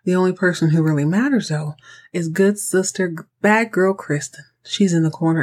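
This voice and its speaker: A woman's voice: on the low side, moderate pace, a little mellow. A woman hosting a podcast, recapping a TV episode in sassy, slangy, conversational chat. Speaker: podcast host recapping a TV show.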